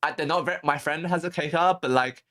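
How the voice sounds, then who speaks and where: A man's voice: on the high side, fast talker, bright, forceful tone. Rambling, laughing streamer guy. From Australia. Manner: rambling, laughing, swearing, restarts. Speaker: VTuber streamer. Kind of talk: casual storytelling on stream.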